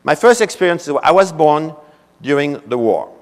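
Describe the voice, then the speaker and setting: Older French-accented male keynote speaker, higher voice, anecdotal and chatty, long hall reverb. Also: big pitch swings, moderate pace. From France. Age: 70s. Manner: anecdotal, frequent "you know" asides. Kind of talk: conference keynote storytelling. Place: convention hall.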